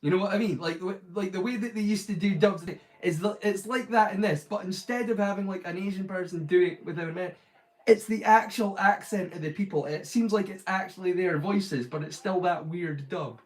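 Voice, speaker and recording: A man's voice: high voice, brisk, poor audio. A man hosting a live stream, chatting casually and rambling, with lots of "like" fillers and restarts. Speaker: streamer, host.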